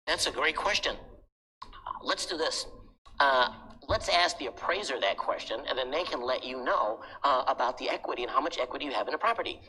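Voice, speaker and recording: A man's voice: mid-range voice, animated, fairly quick, sharp tone. A man teaching a real estate class, telling a story in a dramatic, emphatic way. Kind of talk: animated storytelling lecture. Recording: echoey hall, noisy background.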